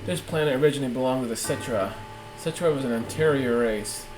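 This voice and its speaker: A man reading aloud the lines of a cold, aloof male villain swordsman from a game, in a lowered voice. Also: fairly quick, roomy sound, noisy background, natural voice. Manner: reads game dialogue aloud in a lowered, flat voice. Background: game music.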